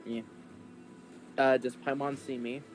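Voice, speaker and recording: A man's voice: medium pitch, flat delivery, measured pace, faint music behind. A man playing in a tabletop game, chatting casually and rambling with lots of fillers. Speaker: player.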